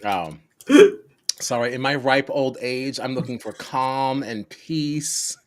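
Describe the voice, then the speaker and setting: A man's voice: mid-range voice, takes it slowly, no room sound. A man on a casual podcast, blunt and opinionated as he rants about players. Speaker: podcast co-host, former contestant. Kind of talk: casual chat.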